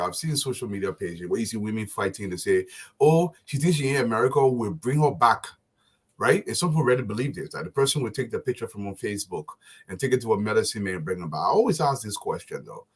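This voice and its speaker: A man hosting a live talk show, telling animated stories and laughing often. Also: on the low side, breathy edge. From Liberia.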